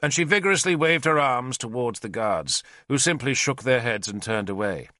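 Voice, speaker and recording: This is scripted audiobook narration by a man with a medium-pitched voice, told expressively at a normal speed. The recording is dry, with clean studio sound.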